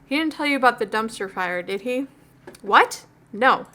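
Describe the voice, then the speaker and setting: A woman's voice: fairly high pitch, animated, normal speed, pushed and bright. A woman voicing a protective, earnest middle-aged father in a dorky manner.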